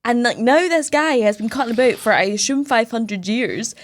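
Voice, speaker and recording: A woman's voice: on the high side, lively intonation, normal speed. A woman co-hosting a podcast in casual chat, teasing her friends and correcting them with dry wit. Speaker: podcast co-host.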